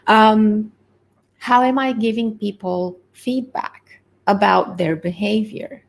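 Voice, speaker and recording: A woman coaching on leadership in an earnest, conversational way, pausing on fillers, her voice a little hoarse. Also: a little high. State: voice catching, slightly hoarse. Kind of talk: webinar-style coaching talk.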